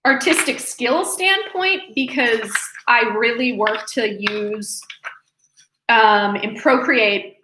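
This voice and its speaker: A congested woman in her twenties, an artist, live-streams casually from her apartment at home. Her voice sits on the high side and she takes her time, rambling with plenty of fillers, restarts and self-corrections. The room sounds spacious and there's background noise.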